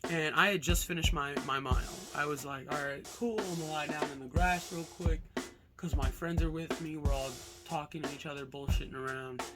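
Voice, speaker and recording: A man's voice: on the high side, fairly even intonation, fairly quick. A young man from Alaska casually telling a rambling childhood story with lots of fillers and swearing. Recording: music playing behind.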